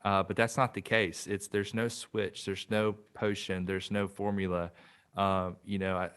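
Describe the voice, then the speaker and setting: A man's voice: sits low, flat delivery, measured pace, fairly bright tone, clean tone. A man hosting a podcast interview, reflective and casual, with hesitant fillers. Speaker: podcast host.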